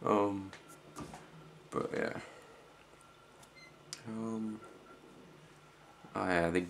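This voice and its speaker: A teenage boy with an Australian accent, rambling casually in a vlog reply with lots of fillers and quiet trailing-off phrases. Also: fairly low pitch, fairly even intonation, very slow, slight background noise. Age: teens. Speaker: student vlogger.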